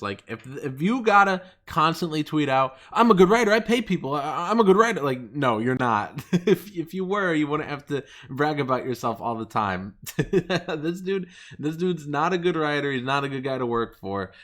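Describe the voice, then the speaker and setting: A young man hosting his channel, ranting with mocking laughs and jumping into a higher voice whenever he quotes people. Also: a bit bright. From United States. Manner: mocking, laughing often, pitch jumping up when quoting others. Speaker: channel host. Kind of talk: ranting commentary.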